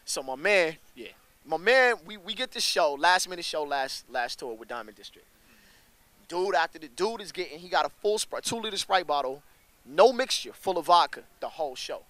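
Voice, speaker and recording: A young man with a somewhat high voice tells stories in a loose, slang-heavy way. His voice leaps up when he gets worked up. The sound is dry and close. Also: moderate pace, no room sound. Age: young adult. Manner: animated, slangy, voice jumps up when excited. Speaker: rapper being interviewed. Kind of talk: casual storytelling interview.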